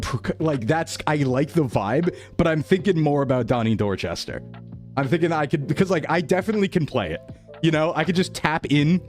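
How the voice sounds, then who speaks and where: A young man, a VTuber streamer, chats casually on a live stream in a medium-pitched, slightly mellow voice. He rambles, reads chat aloud, and laughs often.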